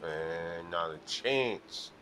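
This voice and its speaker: Man, playful slot-machine commentator, unhurried pace, very expressive pitch, tells absurd tall tales. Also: a little hiss or hum. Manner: rambling absurd storytelling, playful. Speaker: streamer playing slot machines. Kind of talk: casual joking commentary.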